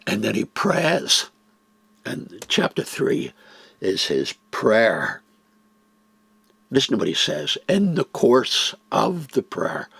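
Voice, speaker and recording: Gravelly older man, slow expressive teaching. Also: mid-range voice, no echo. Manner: expressive, acts out quoted dialogue. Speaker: Bible teacher. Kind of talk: reflective Bible talk.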